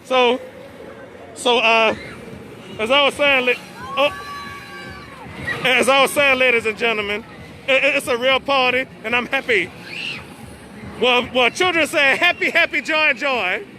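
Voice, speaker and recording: A man's voice: very high voice, unhurried, long pauses, bright, forceful tone, slight background noise. A man hosts a casual live stream from an outdoor birthday party, chatty and repeating his words as he stammers. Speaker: host of a live stream show. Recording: phone recording outdoors, party music and crowd. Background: music and children at a party.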